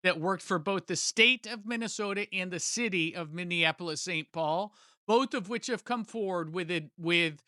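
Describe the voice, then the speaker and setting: A male host delivering opinionated political commentary in a high, bright voice. He speaks emphatically and presses his points with indignation. The sound is close and dry, with no room around it. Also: normal speed, no echo.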